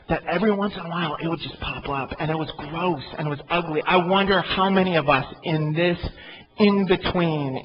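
Male pastor mid-sermon, expressive with emphatic bursts, a touch high-pitched, dull recording. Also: a little hiss or hum. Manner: animated, rising to loud emphatic peaks.

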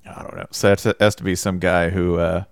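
Male co-host, low voice, swoops up when laughing, dry close mic. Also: level tone, brisk, clean tone, no echo. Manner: hesitant fillers, bursts into high laughter. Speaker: podcast co-host. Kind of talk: casual comedic chat.

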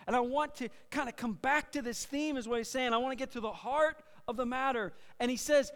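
A man with a notably high voice preaches to a congregation in a casual, conversational way, often repeating and restarting phrases. He draws the room in with call-and-response. His voice rings with long reverb from a large church hall. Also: fast talker. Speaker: pastor. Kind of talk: sermon. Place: church sanctuary.

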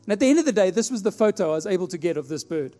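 High-voiced pastor telling a story. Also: male voice, very fast. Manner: animated storyteller, acts out his own prayers. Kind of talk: sermon with personal story. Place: church hall. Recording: long hall reverb, faint music.

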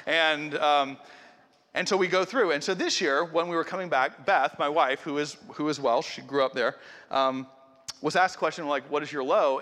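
A man's voice: a little high, pushed and bright. A middle-aged man preaching a sermon in a conversational, earnest way, speaking directly to his congregation. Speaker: pastor. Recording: long hall reverb.

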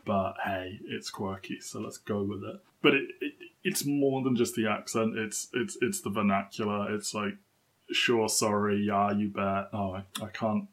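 Chatty low-voiced man co-hosting a podcast. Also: steady tone, normal speed. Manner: chatty, laughs often, many fillers. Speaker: podcast co-host. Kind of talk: casual film discussion.

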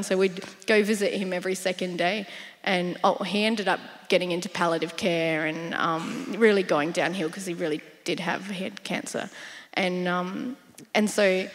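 A woman sharing a personal testimony in a church interview, telling her story in a lively way and laughing often. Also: mid-range voice. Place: church hall. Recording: long hall reverb in church.

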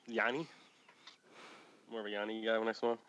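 A man's voice: on the low side, moderate pace, no echo, lo-fi sound. A man hosting a podcast in casual chat from Illinois, rambling and correcting himself as he goes. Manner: relaxed, rambling, self-correcting. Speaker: podcast host.

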